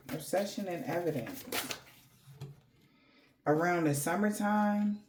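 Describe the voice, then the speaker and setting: A woman's voice: medium pitch, background noise. A woman giving a casual tarot reading, rambling in slangy talk addressed straight to the viewer. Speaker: tarot reader.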